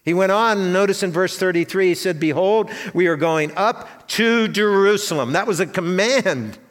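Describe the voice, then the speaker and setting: A man's voice: high-pitched, normal speed. A man preaching a sermon to his congregation, earnest and full of rhetorical questions. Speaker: pastor. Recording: long hall reverb.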